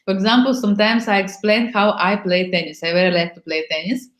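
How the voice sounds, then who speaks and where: A woman's voice: medium pitch, steady tone, fast. A woman, speaking broken English as a workshop host in a casual chat, frank and playful, acting out little scenes as she goes. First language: Bulgarian. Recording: echoey room.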